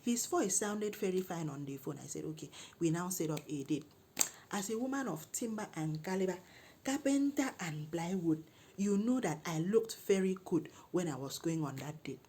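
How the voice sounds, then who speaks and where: A middle-aged woman with a Nigerian English accent, telling a comic story in an animated, exclaiming way and scolding when indignant. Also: lowish voice, husky. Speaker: comedic storyteller.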